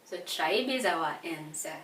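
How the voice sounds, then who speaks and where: A tired woman from Kenya teaching an English revision lesson, speaking slowly and repeating words to stress their syllables. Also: fairly low pitch, animated, a bit bright. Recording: echoey room from a distance, faint hiss.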